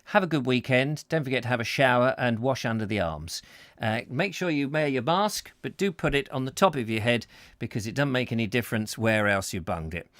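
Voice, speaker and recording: A man's voice: mid-range voice, animated, fairly quick, a bit bright, no room sound, clean studio sound. A man hosting a live comic chat show, rambling through jokes, asides and thank-yous. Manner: rambling, jokey, chatty asides. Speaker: host.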